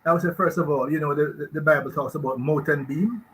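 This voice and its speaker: Jamaican radio guest, man, sharp bright tone, rhetorical and emphatic. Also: a little high, quick pace, a little hiss or hum, low-quality recording. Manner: emphatic, rambling, asks rhetorical questions. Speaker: guest expert. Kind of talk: radio talk show discussion.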